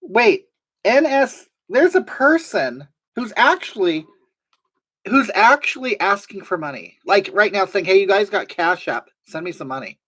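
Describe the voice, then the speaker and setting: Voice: mid-range voice, very animated, unhurried, bright, forceful tone, heavily acted. A performer playing a brash, gossipy woman livestreamer who rambles and gets indignant while reading chat aloud, in a live comedy stream. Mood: rambling. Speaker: livestream host.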